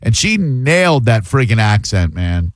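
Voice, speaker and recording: A man's voice: lowish voice, very animated, a little slow, no room sound, studio quality. A man hosting a casual radio talk show, talking loosely and rambling, trailing off with "uh" as he thinks. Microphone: studio microphone.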